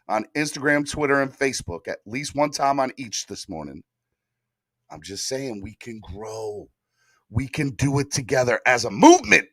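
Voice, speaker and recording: A man hosts a sports live stream in a casual, hyped style, calling out straight to his viewers. His voice sits in a middle pitch range. The sound is dry and close, with no room echo. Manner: hyped, animated, chats directly with viewers.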